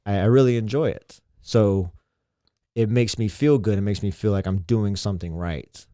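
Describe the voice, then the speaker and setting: A man's voice: lowish voice, moderate pace, warm tone, no echo, clean studio sound. A man, a teacher and mentor, talking earnestly and reflectively in a casual interview, often repeating himself. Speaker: teacher and mentor, podcast guest.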